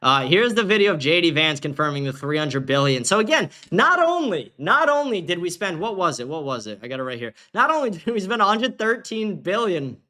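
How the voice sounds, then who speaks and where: A man's voice: sits high, sing-song, brisk, hardly any pauses, pushed and bright. A man hosting a livestream, ranting casually and combatively with a lot of profanity. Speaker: livestream host.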